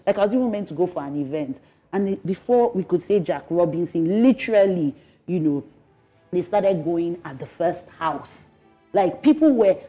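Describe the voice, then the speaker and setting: A woman in her thirties with a Nigerian English accent, giving an emotional, earnest news interview, halting and pleading at times. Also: medium pitch, warm tone, slightly rough. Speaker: interviewed resident. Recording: slightly dull broadcast audio with faint music.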